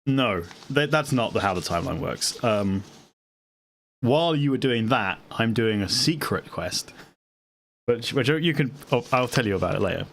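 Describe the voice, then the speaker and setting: A man's voice: mid-range voice, animated, moderate pace, creaky, fairly bright tone, a little hiss or hum. A man playing a tabletop game, scheming and laughing often, in a casual chat. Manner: scheming, laughs often, restarts mid-sentence. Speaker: player.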